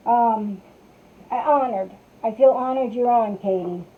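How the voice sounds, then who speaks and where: A woman's voice: on the high side, unhurried. A woman hosting a live craft stream, rambling chattily and greeting viewers by name from their comments as she works. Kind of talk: casual live-stream chat. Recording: tinny phone-like sound.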